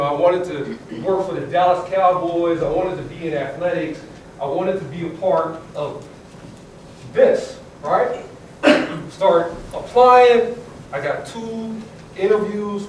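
A man in his thirties from California, telling his career story on a panel with a lively, laughing delivery. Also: fairly high pitch, slight background noise. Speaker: panelist, former student athlete. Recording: echoey hall from far off.

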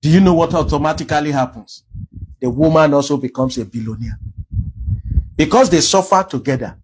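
A Nigerian man delivers a sermon in a high, somewhat husky voice. He preaches with emphasis and drives his points home with rhetorical questions. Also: fairly quick, poor audio. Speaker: pastor.

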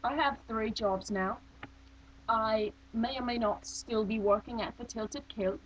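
A woman's voice: on the high side, measured pace. Bored young woman in a vague put-on accent. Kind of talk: casual webcam monologue. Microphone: built-in webcam mic. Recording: dull lo-fi webcam audio with faint hum.

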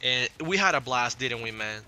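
A man's voice: mid-range voice, lively intonation, normal speed, bright, forceful tone. A young man with an accent hosting a gaming video, hyped and slangy, swearing freely as he chats with a guest. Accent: non-native English accent. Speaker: gaming channel host. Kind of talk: casual gameplay commentary.

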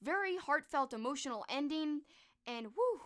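A woman's voice: high voice, expressive, normal speed. Gushing, chatty woman streamer. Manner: chatty, enthusiastic, gushing with restarts. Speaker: streamer and horror book host. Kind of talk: casual live-stream chat.

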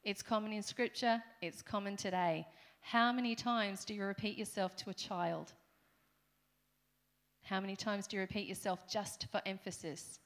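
Aussie woman giving a church sermon, chatty and playful, mid-pitched voice. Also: fairly even intonation, moderate pace, a bit bright. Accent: Australian. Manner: conversational, playful asides to congregation. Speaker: preacher. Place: church hall.

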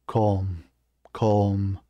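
A man voicing a proud, weary male orc chieftain who speaks slowly and firmly in a fantasy reading. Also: on the low side, little pitch movement, mellow, dry recording, muffled recording. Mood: composed.

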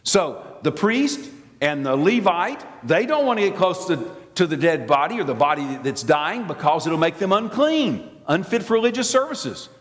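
An Alabama preacher with a Southern American accent delivers a sermon, telling his story at a moderate pace with lively, theatrical energy. His somewhat high voice leaps up and down as he acts out the scene, and a large church sanctuary lends a long reverb.

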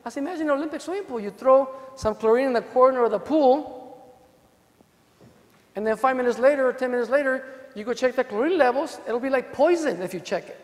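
A man with an accent giving an animated, joking conference talk to a room of lawyers. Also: extremely high pitch, quick pace. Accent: non-native English. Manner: animated, profane, jokes with the audience. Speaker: defense attorney presenting at a legal seminar. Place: hotel conference hall. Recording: long hall reverb.

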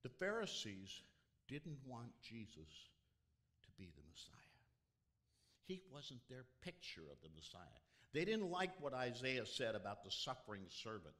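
A male pastor preaching a sermon, talking straight to the congregation and swinging from loud emphasis to hushed whispers. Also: medium pitch. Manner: conversational, addresses the congregation directly.

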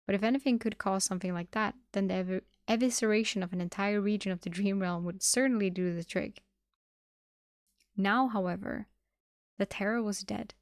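Gravelly-voiced woman reading a novel aloud. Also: medium pitch, no echo, clean studio sound. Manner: steady reading with small restarts. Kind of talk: live-streamed audiobook reading.

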